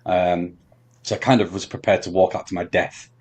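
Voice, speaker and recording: A man telling a long story on a podcast, halting with many ums and restarts. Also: low voice, steady tone, a little mellow, slightly rough. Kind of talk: casual storytelling chat.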